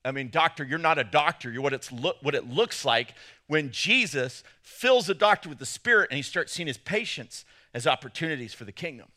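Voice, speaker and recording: A man preaching a sermon as pastor, telling a story with big swings between loud bursts and hushed moments. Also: on the high side, animated, a little fast.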